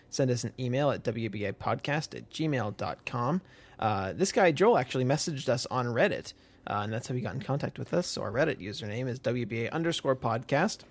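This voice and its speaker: Friendly young male podcast co-host. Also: medium pitch. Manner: friendly, rambling with fillers. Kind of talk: casual chat.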